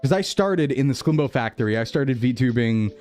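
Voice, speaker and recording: A man's voice: medium pitch, expressive, moderate pace, darkish tone, soft background music. A young man streaming as a VTuber, chatting reflectively and rambling, repeating phrases and laughing often. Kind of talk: reflective casual stream chat.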